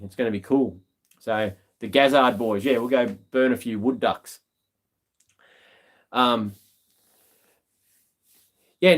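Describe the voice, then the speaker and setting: An Australian man hosting a live stream, telling stories in a laid-back, slangy way with lots of ums. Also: mid-range voice. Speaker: livestream host. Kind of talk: casual live-stream chat.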